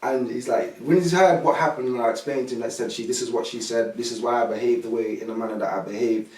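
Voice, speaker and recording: A man, a podcast guest telling lively anecdotes and acting out what other people said. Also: medium pitch, fast. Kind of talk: casual storytelling. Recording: roomy sound from a distant mic.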